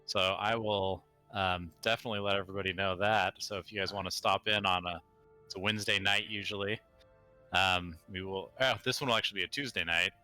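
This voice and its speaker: A young man chats about himself as a tabletop player, pausing with fillers. His voice sits low but sounds very bright and sharp. Faint music plays behind. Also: fairly even intonation. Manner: hesitant, chatty with fillers.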